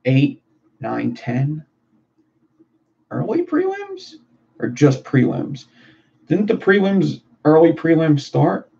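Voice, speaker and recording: A man's voice: fairly high pitch, lively intonation, slow, vocal fry, dark tone, husky. A man streaming live while he builds coils, talking in a loose, profane way with his viewers. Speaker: livestreamer building vape coils. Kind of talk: casual livestream chat. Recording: dull lo-fi stream audio with faint noise.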